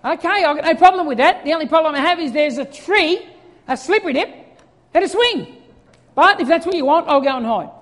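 A middle-aged Australian man preaching a sermon as a story, swinging from lively to hushed. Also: extremely high pitch, a little fast. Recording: long reverb of a large hall.

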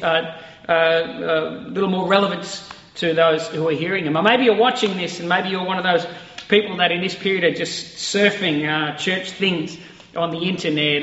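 A man's voice: high voice, a bit bright, roomy sound, in a large hall, muffled recording. A man preaching an online sermon to a camera in an empty church, talking in a conversational, reflective way. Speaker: pastor. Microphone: facing a camera.

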